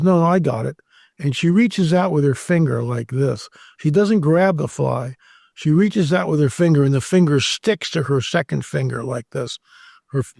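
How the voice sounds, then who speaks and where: Gravelly-voiced man telling a story. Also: fairly high pitch, no echo, studio quality. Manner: animated storyteller, acts out quoted dialogue. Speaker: guest researcher. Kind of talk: interview storytelling.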